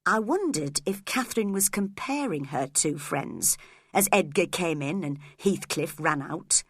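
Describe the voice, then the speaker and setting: A woman narrating a graded story for English learners, clear, expressive and deliberate. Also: lowish voice, dry recording, clean studio sound.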